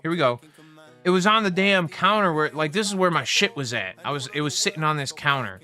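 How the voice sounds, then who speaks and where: A man's voice: fairly high pitch, expressive, fairly quick, pushed and bright, faint music behind. A young man hosting a livestream, ranting casually with heavy profanity and a heated, rambling delivery. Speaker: livestream host.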